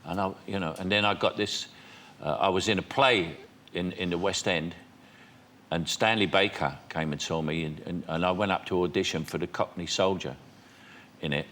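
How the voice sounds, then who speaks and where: Older man telling bright, chuckling anecdotes. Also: low-pitched, normal speed, a little hiss or hum. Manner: chatty storyteller, quoting dialogue, laughing often. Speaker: guest. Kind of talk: talk show anecdotes.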